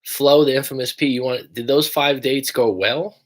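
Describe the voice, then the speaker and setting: A man's voice: medium pitch, fairly even intonation, moderate pace. A young American man who coaches people through breakups, chatting casually and rambling on a livestream, swearing now and then. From United States.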